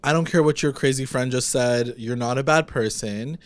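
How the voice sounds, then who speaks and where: A man co-hosting a casual podcast, with a voice of middling pitch. He recaps a TV episode in animated chat, slipping into the characters' lines as he goes. His talk is loose and full of fillers. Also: moderate pace, no echo. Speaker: podcast co-host.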